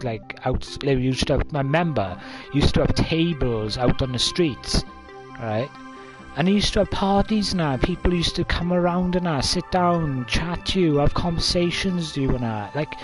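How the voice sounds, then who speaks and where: Faint music plays behind a twenty-five-year-old man as he rambles through a casual story to camera, full of fillers and broken up by coughs and laughs. He speaks at normal speed in a fairly high, animated voice.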